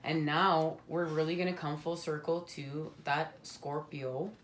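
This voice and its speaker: A woman's voice: sits low, fairly even intonation, measured pace, a little hiss or hum. A woman giving a spiritual tarot card reading at home, talking earnestly and passionately with a rambling flow.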